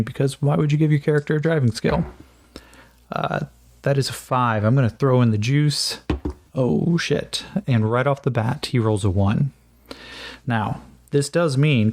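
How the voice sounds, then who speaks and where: A man's voice: medium pitch, darkish tone, dry recording. A man narrating a solo tabletop game, thinking aloud with frequent fillers and joking at his own attempts at accents.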